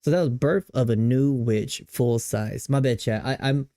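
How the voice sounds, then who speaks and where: A man's voice: medium pitch, moderate pace, warm tone, no room sound, clean studio sound. A young man streaming, reacting to game music in casual, slangy chat, hyped and repeating himself.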